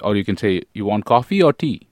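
Slow, deep-voiced male teacher. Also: lively intonation, dry recording, studio quality. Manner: slow, deliberate, repeats example phrases. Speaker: language teacher. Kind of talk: spoken language lesson.

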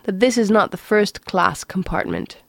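A woman's voice: medium pitch, expressive, moderate pace, gravelly, dry recording, studio quality. Woman doing dazed, polite Arthur. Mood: bewildered. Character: bewildered polite young Englishman, mildly anxious.

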